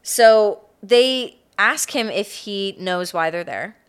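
A woman's voice: medium pitch, lively intonation, slow pace, clear, resonant tone. A woman co-hosting a podcast, casually telling a true-crime story with lots of "like". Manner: laid-back storytelling, frequent "like". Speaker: podcast co-host telling the case.

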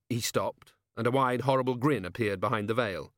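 A man narrating an audiobook in a steady storytelling manner. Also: medium pitch, normal speed, no room sound, studio quality. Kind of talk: audiobook reading.

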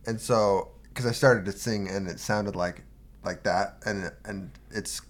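Man telling a rambling deadpan story. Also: lowish voice, measured pace. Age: 20s. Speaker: podcast host. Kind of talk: casual comedic chat.

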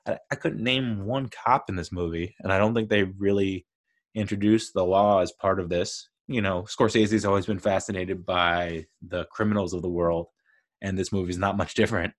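A low-voiced man talking through a film in a loose, offhand review. He rambles, laughs often and pads his sentences with fillers as he goes. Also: fairly even intonation, moderate pace. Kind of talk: casual movie review monologue.

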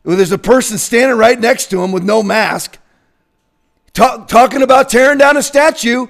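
High-pitched male commentator, combative rant style. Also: normal speed, vocal fry. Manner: combative, emphatic, bursts into shouting. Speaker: political commentator. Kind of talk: opinion rant.

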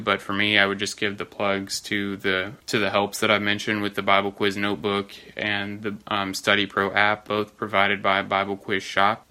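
A man hosting a podcast, explaining his study method in a steady, instructive way. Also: lowish voice, clear, resonant tone. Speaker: podcast host. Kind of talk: casual podcast talk.

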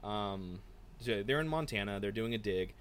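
A man co-hosting a casual book podcast, rambling and animated, slipping into quick impressions of characters. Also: lowish voice, slight background noise. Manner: rambling, animated, mimics characters mid-story. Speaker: podcast co-host.

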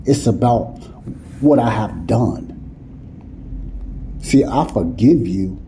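A man's voice: fairly low pitch, expressive, slow pace, dark tone, a little hiss or hum. A man teaching the Bible in a sermon, talking informally and often checking "you see what I'm saying?". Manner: informal, nonstandard grammar.

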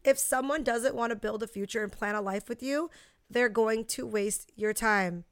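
A woman's voice: a little high, moderate pace, smooth, no echo, studio quality. A young adult woman co-hosting a podcast, talking bluntly and swearing freely as she tells stories in casual chat. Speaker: podcast co-host.

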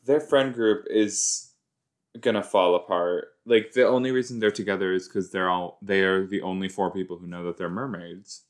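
A man's voice: low voice, steady tone, normal speed. A man hosting a rewatch podcast, giving rambling, jokey reaction commentary that often trails off.

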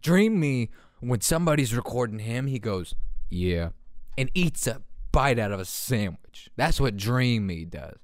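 A man in his early twenties hosting a podcast, telling a story in a casual, profane, animated way and laughing often. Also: mid-range voice, moderate pace, no echo, clean studio sound. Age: early 20s. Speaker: podcast host.

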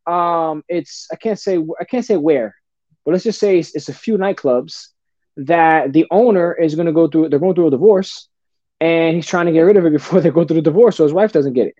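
A man guesting on a talk show, telling stories in an animated, casual way, full of slang and swearing. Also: a little high, fairly quick, dry recording. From New Jersey. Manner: animated, swearing, street slang, says bro a lot. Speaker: podcast guest. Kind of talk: casual storytelling. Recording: dull lo-fi dry sound.

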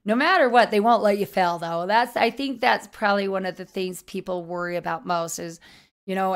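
Brief: woman psychic guest, smooth clear voice, animated storyteller. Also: mid-range voice, brisk. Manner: lively storyteller, acts out quotes. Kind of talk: casual chat.

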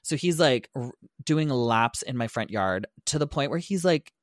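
A young podcast co-host with a mid-range voice tells a story during casual chat at a moderate pace, recorded in studio quality with no echo. He's animated, swears freely and acts out what the people in his story said.

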